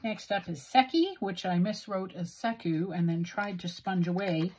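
A woman with a Western Canadian accent swatches inks on a stationery video, musing aloud and poking fun at herself. Her voice is low, husky and darkish, at a normal speed.

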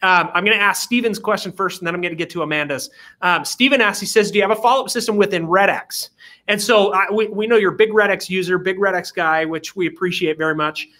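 Bright high-voiced podcast host. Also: male voice. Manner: measured, affirming, asks follow-ups. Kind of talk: interview hosting.

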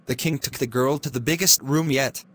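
A man narrating a classic fairy tale in a steady, clear reading voice. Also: mid-range voice, moderate pace. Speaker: storyteller.

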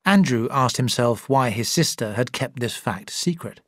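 A man narrating a story slowly and clearly for English learners. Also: medium pitch, animated, dry recording, studio quality. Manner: clear, deliberate reading.

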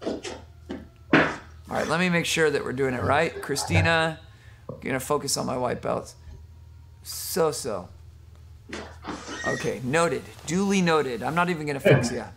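Guy coaching jiu-jitsu on a video call, jokey, kinda high voice, noisy hiss behind. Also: measured pace, pauses often. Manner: joking, teasing coach giving technique corrections. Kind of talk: online class instruction.

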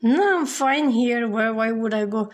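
A woman voicing a caged female bird in a story, content at first and wary of change, talking slowly and hesitantly. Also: on the high side, animated. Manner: hesitant, talking itself into staying.

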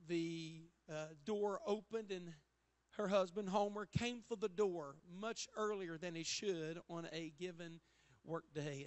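High-voiced preacher man. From Appalachia. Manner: storytelling preacher, builds to loud emphatic calls. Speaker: pastor. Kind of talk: sermon. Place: church sanctuary.

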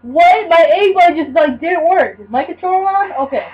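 A woman giving casual gameplay commentary, excitable and yelping at the game. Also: very high voice, brisk, heavy background noise. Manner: excitable, shouts and yelps at the game. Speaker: gamer. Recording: dull lo-fi recording.

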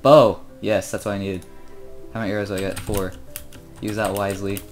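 A sixteen-year-old boy chatting casually through his own gameplay, joking about himself and growing loud and excited when he fights. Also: fairly low pitch, a little fast, over music. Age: teens. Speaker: gamer commentating his own play.

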